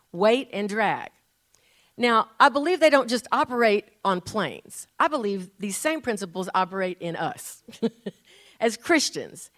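An older woman preaching a sermon, folksy and animated, laughing at her own stories. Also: mid-range voice. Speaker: pastor.

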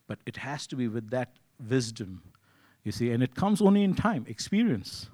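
In a mellow, medium-pitched voice with big pitch swings, a man delivers a sermon at moderate speed. He talks conversationally, frequently asking "you see" and voicing his inner thoughts as quotes.

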